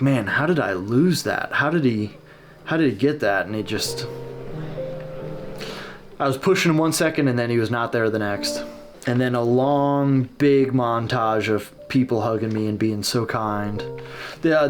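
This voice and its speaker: A man hosting a casual reaction video, talking candidly and self-deprecatingly about his own match footage. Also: medium pitch.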